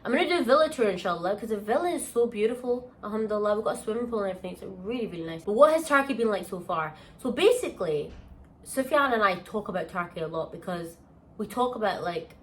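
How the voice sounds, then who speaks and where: A young woman from the UK, telling a holiday story in a casual vlog, animated and exclamatory with plenty of slang. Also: mid-range voice, quick pace, slight background noise, rough recording. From United Kingdom. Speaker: vlogger. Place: holiday villa.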